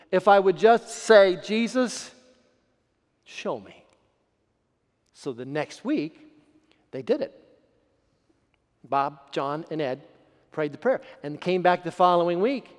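A middle-aged man preaching a sermon as a pastor, telling a story and acting out the voices of the people in it, swinging between loud and hushed. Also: high-pitched. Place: church sanctuary. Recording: long hall reverb.

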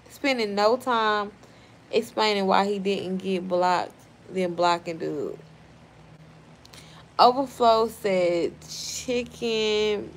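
A woman's voice: mid-range voice, takes it slowly, a little hiss or hum. A tipsy young woman hosting a livestream, reading chat messages aloud and snapping back at chatters in a brash, profane way. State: tipsy from wine.

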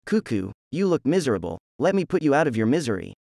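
A man's voice: medium pitch, big pitch swings, quick pace, creaky, darkish tone, dry recording, clean studio sound. A man doing a smug, cruel villain guild master. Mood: taunting.

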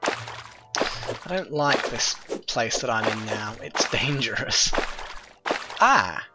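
A man's voice: mid-range voice, animated, slow pace. A man giving dry, sarcastic running commentary while playing a game over a voice call. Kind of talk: casual gameplay commentary. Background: loud game music.

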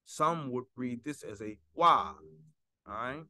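A man giving a casual Hebrew lesson, reading a prayer slowly and carefully, then explaining in a loose, relaxed way with many fillers. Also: medium pitch, no echo. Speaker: Hebrew teacher.

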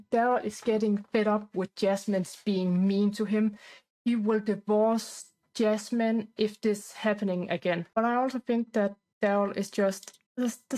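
A woman's voice: on the high side, a little mellow, poor audio. A woman casually narrating a life-sim game playthrough in a rambling, talkative way with loose grammar. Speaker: gameplay narrator.

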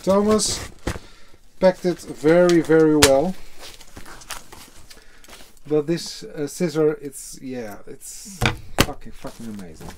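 A man with a Dutch accent, a native Dutch speaker, chatting casually in an unboxing video, halting often with fillers and cursing offhand. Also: fairly high pitch, expressive, noisy background. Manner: hesitant, halting, full of fillers, casually swearing. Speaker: beer reviewer.

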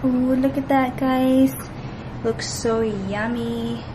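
A woman's voice: high voice, fairly even intonation, slow pace, noisy background. Bubbly chatty young woman vlogging. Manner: bubbly and chatty, many fillers. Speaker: lifestyle vlogger. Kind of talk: casual vlog chat to camera.

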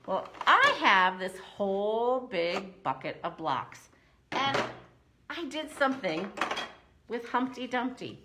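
A woman leading a preschool story time, reciting nursery rhymes slowly and encouragingly in a sing-song way. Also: fairly high pitch, sing-song, noisy background. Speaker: children's librarian.

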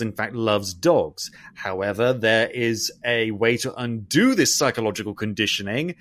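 Animated man reviewing a film. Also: mid-range voice, no room sound, clean studio sound. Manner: long-winded, animated, swears casually. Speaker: podcast co-host. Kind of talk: casual film review chat.

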